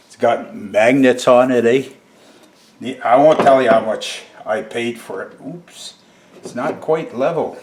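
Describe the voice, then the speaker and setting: Slow, chuckling man. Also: medium pitch, fairly bright tone, a little hiss or hum. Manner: chuckling often, chatty, addresses viewers as folks. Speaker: DIY vlogger. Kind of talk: casual home-project demo.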